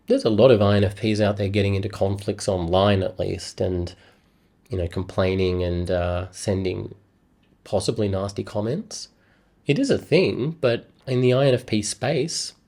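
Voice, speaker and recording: A man's voice: lowish voice, dark tone. A man talking to camera in a casual, rambling, self-deprecating vlog. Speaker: YouTuber.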